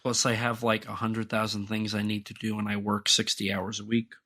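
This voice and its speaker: A man's voice: on the low side, completely flat delivery, brisk, bright, forceful tone. A young man co-hosting a podcast, talking in a casual, rambling way with many restarts and fillers. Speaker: podcast co-host.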